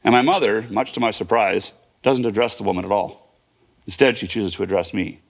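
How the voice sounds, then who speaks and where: A man's voice: fairly low pitch, brisk, creaky. A man in his fifties telling a personal story in a vivid present-tense retelling, with fillers and restarts. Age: 50s. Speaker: guest.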